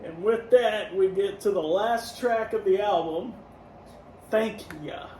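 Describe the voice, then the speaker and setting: High-voiced man in an echoey room. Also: unhurried, recorded from a distance. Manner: relaxed, gives scores out of ten, laughs easily. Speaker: podcast co-host reviewing albums. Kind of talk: casual review chat. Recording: echoey room, mic set back, faint noise.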